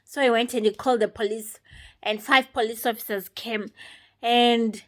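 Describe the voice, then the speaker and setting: A woman giving an unscripted personal testimony, retelling events step by step in a halting way. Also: a little high, fairly even intonation. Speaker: testimony speaker.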